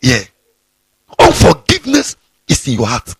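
A male pastor preaches a scolding sermon, his raspy, breathy voice swinging widely in pitch. He sits a bit high for a man and repeats phrases for emphasis. The sound is dry, with no room echo. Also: huge pitch swings, unhurried. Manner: fiery, scolding, repeats himself. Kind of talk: sermon to students.

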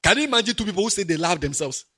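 A man with a Ghanaian accent preaching a sermon in an animated way, going from quiet asides to loud, emphatic preaching. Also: high voice, racing, breathy edge. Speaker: pastor.

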